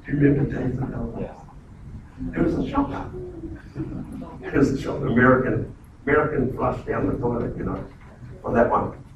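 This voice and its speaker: A man's voice: mid-range voice, expressive, normal speed, long pauses, very echoey, far from the mic, highs cut off, noisy background. A man preaching a sermon as a pastor in a church, emphatic, often repeating words and restarting phrases.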